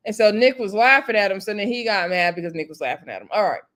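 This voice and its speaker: A woman's voice: mid-range voice, expressive, fast talker, a bit bright. A woman giving a casual, opinionated recap of a TV episode. She acts out what people said and talks back at them. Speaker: TV show recapper.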